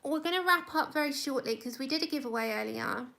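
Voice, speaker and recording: A woman's voice: fast talker, creaky, bright, forceful tone. Chatty woman hosting a colouring livestream. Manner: chatty, talks to her dog in high coaxing tones. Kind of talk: casual livestream chat. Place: home indoors. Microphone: phone.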